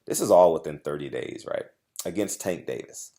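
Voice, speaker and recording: A man's voice: sits low, lively intonation, moderate pace, dark tone. A man hosting his own channel, telling a story straight to the camera in an emphatic, confrontational way, repeating his points and addressing his viewers directly. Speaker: boxing journalist and channel host.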